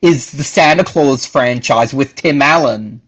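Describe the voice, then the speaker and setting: A man's voice: medium pitch, measured pace, fairly bright tone, breathy edge, low-quality recording. A man chatting casually as a guest, rambling and joking, often repeating himself. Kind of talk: casual chat.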